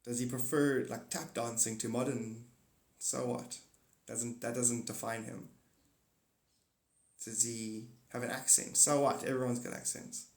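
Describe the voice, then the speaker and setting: A man's voice: medium pitch, steady tone, unhurried, gravelly. A man hosting a livestream, rambling through a monologue and answering chat comments aloud. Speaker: livestream host. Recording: echoey room.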